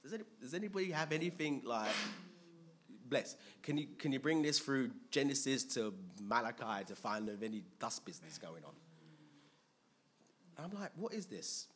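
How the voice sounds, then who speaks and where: A man preaching a sermon, animated and storytelling, acting out scenes. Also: mid-range voice, normal speed, slight background noise.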